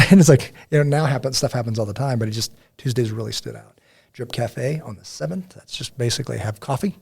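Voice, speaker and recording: A man hosting a casual faith podcast, telling stories in a rambling, animated way with many fillers. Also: medium pitch, brisk, vocal fry, breathy edge. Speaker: podcast host.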